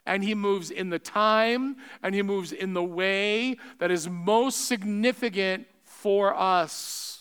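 A man preaching a sermon as pastor, building to impassioned peaks and dropping to soft, pleading appeals. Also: high voice, slow pace, few pauses, clear, resonant tone. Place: church sanctuary. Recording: long hall reverb.

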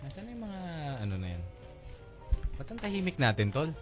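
A man's voice: fairly high pitch, huge pitch swings, fast, music in the background. A man with a Filipino accent, a radio DJ chatting casually and mixing English with Tagalog.

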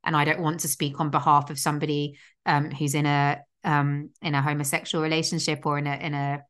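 A young woman with a low voice hosts a casual podcast. She rambles through her thoughts, full of fillers and restarts. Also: little pitch movement, brisk, fairly bright tone. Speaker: podcast host. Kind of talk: casual chat.

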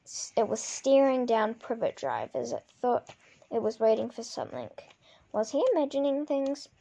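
A woman's voice: a little high, animated, moderate pace, creaky, warm tone. A woman reading a novel aloud in an unpolished way, with slips and restarts. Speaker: reader.

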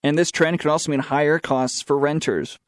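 A young man from the southern United States, with a Southern American accent, hosts a student talk show in the style of an opinionated radio monologue. His fairly high voice holds a steady tone at a moderate pace as he offers sarcastic opinions and reads news items aloud, in clean studio sound with no room echo.

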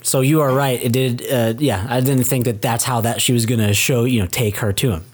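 A man co-hosting a film review podcast in casual chat, speaking in a relaxed, hesitant way with "uh" fillers and easy laughs. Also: mid-range voice, fairly quick.

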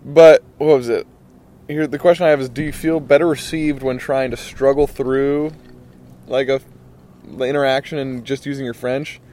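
A man's voice: mid-range voice, fairly even intonation, normal speed, warm tone. Laid-back young man hosting a podcast. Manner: laid-back, rambling, says "man" a lot. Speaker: podcast host. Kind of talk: casual podcast interview.

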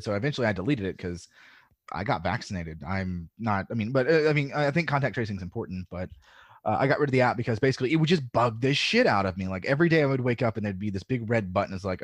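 This is a man from the South whose drawl has mostly faded but still slips through. His voice sits low and he rambles conversationally, padding with fillers and tossing in curses. The sound is dry and close, with no room around it. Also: no room sound. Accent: faint Southern US drawl. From Southern United States. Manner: rambling, filler-heavy, swears freely. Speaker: podcast guest. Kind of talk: casual podcast chat.

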